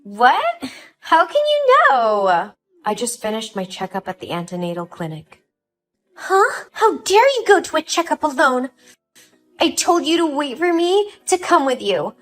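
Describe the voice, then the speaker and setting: A woman voicing a spiteful young sister-in-law who talks in a sharp, scornful, accusing way in a dramatized story. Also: fairly low pitch, fast talker, hardly any pauses, soft background music, pitched below the performer's own voice, lightly acted. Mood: shrill.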